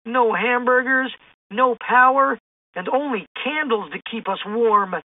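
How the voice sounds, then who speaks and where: A woman's voice: a little slow, dry recording, close to an everyday voice. A woman voicing a jittery, cowardly young man who whines about being hungry, recorded with a tinny sound. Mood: whiny. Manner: whiny, high exclamations.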